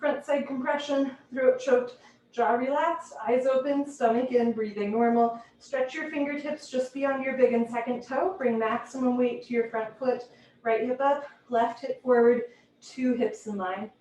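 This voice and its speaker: A woman teaching a live yoga class from home, giving brisk, clipped posture cues with a light, playful touch. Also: high voice, fairly even intonation, darkish tone. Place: home room. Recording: roomy echo, heard from a distance.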